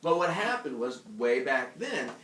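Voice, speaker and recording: A man's voice: mid-range voice, big pitch swings, measured pace, a bit bright, slight background noise. A young male teacher lecturing a class, joking and acting out characters in silly voices. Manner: jokey, acts out animal characters in funny voices. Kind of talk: classroom lecture with playful storytelling. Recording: echoey classroom from far off.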